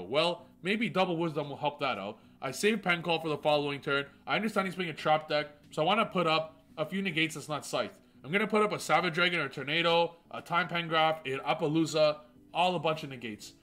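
A man with a fairly high voice narrates card game replays as a channel host. He talks with boastful, hyped energy and mixes trash talk with self-mocking jokes. A quiet music bed plays underneath.

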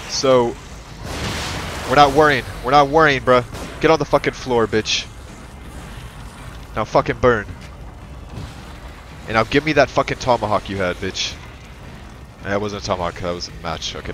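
A man giving let's-play commentary, excitable and profane, yelling at the game and talking to his in-game partner like a buddy. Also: medium pitch, slight background noise. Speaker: gaming channel host.

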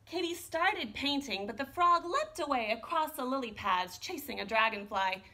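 A woman art teacher reading a children's picture book aloud with an expressive, animated delivery. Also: high voice, normal speed. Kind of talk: storybook read-aloud.

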